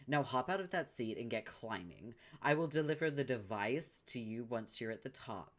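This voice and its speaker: A man's voice: mid-range voice, expressive, moderate pace, a bit bright, lightly acted. A man voicing a bossy, cruel young troll girl who sneers and scolds in a comic read-along.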